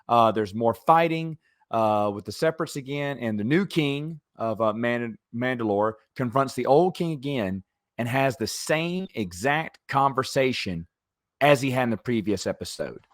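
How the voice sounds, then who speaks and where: A man hosts a casual review of a TV episode, sounding exasperated as he picks apart what he sees as repetition. His voice sits at an ordinary middle pitch, and the recording is dry and close with no room sound. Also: expressive, moderate pace, no room sound. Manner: exasperated critique with frequent fillers. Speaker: show reviewer.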